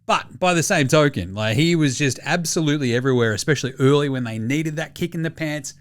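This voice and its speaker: A man's voice: a little high, fast talker. A man with an Australian accent hosting a sports podcast, joking and swearing in casual chat. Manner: profane, animated and joking. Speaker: podcast host.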